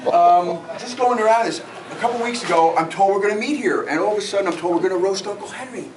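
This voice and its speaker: A middle-aged New Jersey man with a high voice delivers a self-deprecating roast speech to friends, joking and telling stories at his own expense at a fairly quick pace. The recording is noisy and echoey, captured from far off in an event room full of guests.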